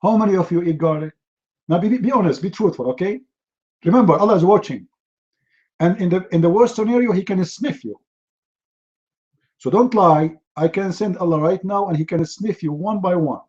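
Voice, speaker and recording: A man's voice: high voice, normal speed, pauses often, a little mellow, lo-fi sound. A man giving a humorous talk, telling stories in a mocking, sarcastic way. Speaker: speaker.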